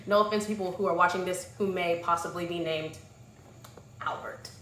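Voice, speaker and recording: A woman vlogger giving a casual, sassy movie review with animated, exclamatory asides. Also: on the low side, a little fast, slight background noise. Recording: echoey room.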